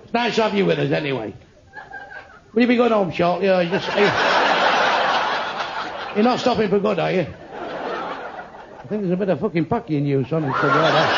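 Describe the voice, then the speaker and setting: Crude, swearing English comedian, gravelly voice. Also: male voice, sits high, heavy background noise. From England. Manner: crude, swearing, insulting the audience. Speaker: stand-up comedian. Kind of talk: live stand-up comedy. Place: comedy club before a live audience. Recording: dull echoey live club recording with crowd laughter.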